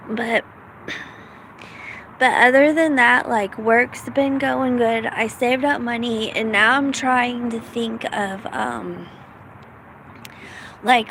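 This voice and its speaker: A woman's voice: fairly high pitch, vocal fry, a bit bright, slight background noise, poor audio. A middle-aged woman from the United States, rambling casually in a self-deprecating vlog with lots of fillers. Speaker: vlogger.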